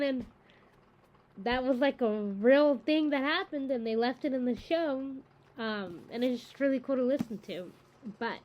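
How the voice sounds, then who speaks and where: A woman's voice: on the high side, muffled recording. Rambling, chatty young-sounding woman. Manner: rambling and enthusiastic, many fillers. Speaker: book-reading channel host. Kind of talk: casual chat to camera.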